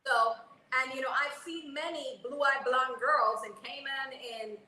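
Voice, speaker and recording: A woman in her forties co-hosting a casual panel chat, an animated storyteller who keeps checking in with "okay?". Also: sits high, a little slow, reverberant, rough recording. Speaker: co-host.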